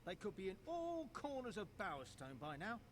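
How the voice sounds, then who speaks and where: Harried town guard, very high voice, lively, pushy, faint hiss behind. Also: male voice, normal speed. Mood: wheedling.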